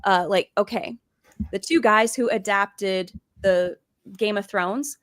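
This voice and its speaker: A woman's voice: mid-range voice, slow, fairly bright tone. A woman hosting a casual podcast discussion, chatty and full of questions for her guest. Her voice sounds dry and close, with no room echo. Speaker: podcast host.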